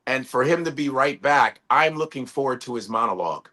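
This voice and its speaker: A man's voice: medium pitch, fairly quick. A man, a comedian, telling stories in casual chat on a video call and acting out what people said. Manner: animated storytelling with acted-out quotes.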